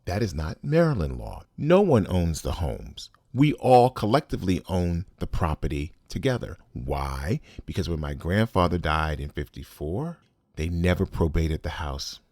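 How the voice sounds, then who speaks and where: Deep voiced guy telling his family story, blunt and cussing, super dry close sound. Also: big pitch swings, moderate pace, a little mellow, no room sound. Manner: blunt, profane, emphatic. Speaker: podcast host. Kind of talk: personal storytelling monologue.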